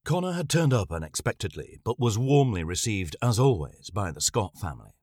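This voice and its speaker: Low-voiced man narrating a story. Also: no echo, studio quality. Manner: measured storytelling, expressive. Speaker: audiobook narrator. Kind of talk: scripted narration.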